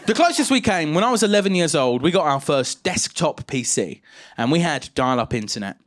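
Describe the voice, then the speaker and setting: A male comedian in his thirties from England, performing stand-up. His pitch swings widely, and his voice sits somewhat high for a man. He delivers self-mocking lines with punchy timing. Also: very animated, a little fast.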